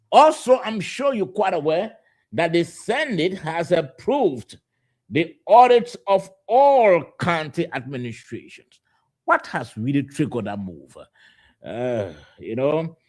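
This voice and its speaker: A Liberian-accented man opens a live radio talk show from the studio with a voice pitched a little high. He talks loosely, filling gaps with uhs and you-knows and repeating himself as he rolls through what is coming up. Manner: loose, filler-heavy delivery with many uhs and repeated words.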